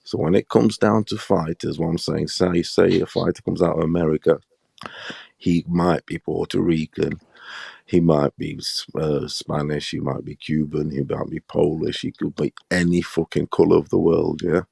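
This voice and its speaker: A man's voice: extremely low pitch, level tone, normal speed, vocal fry, warm tone, husky, no room sound, studio quality. A man hosting a live boxing talk show in casual, blunt, profane chat, pressing his points hard.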